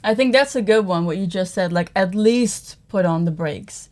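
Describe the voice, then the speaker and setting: A young woman from the Netherlands, talking in a casual livestream chat, soft-spoken and thoughtful. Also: medium pitch, moderate pace. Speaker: co-host, partner.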